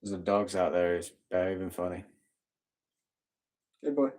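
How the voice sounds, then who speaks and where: A man's voice: deep voice, moderate pace, a little mellow. A man co-hosting a casual live stream from a home bar, reading out viewer comments and laughing often. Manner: upbeat, laughs often, talks to his dogs.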